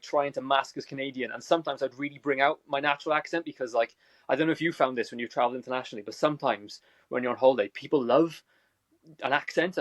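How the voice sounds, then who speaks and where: A man with a Welsh accent from South Wales, a movie reviewer telling energetic stories as a guest on a video call. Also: medium pitch, dry recording. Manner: energetic storytelling. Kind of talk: casual chat.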